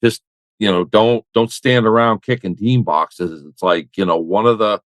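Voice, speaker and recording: An older man with a fairly low voice tells a meandering war story, doubling back on his words with dry humor. His voice sounds close and dry, with no room around it. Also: normal speed, no echo, low-quality recording. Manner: rambling, self-correcting, wry. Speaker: military veteran guest. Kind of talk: conversational storytelling.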